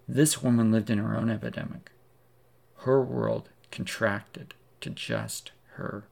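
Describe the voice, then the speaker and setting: A man's voice: lowish voice, slow, vocal fry, darkish tone. A man preaching a sermon, retelling a story vividly in the second person as a preacher.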